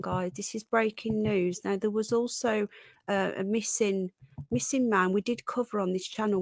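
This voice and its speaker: A woman's voice: mid-range voice, creaky, no echo, studio quality. Chatty Birmingham woman hosting a livestream. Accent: Birmingham, with a Yorkshire twang. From Sutton Coldfield, Birmingham, England. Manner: chatty, calls viewers darling and hon, frequent restarts. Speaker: livestream host. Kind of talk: casual live-stream chat reading out comments. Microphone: desk microphone with gain turned up.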